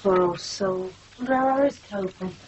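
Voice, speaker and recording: A woman's voice: mid-range voice, normal speed, a little mellow, slight background noise, lightly acted. An actress playing a troubled middle-aged Catholic mother, anxious and searching. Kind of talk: 1980s TV soap acting.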